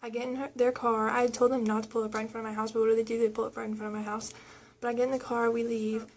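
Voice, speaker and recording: Young woman vlogger, kinda high voice, rambly storytime chat w lots of "like". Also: level tone, rapid-fire, a little mellow, slight background noise. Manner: rambling, filler-heavy retelling with quoted dialogue.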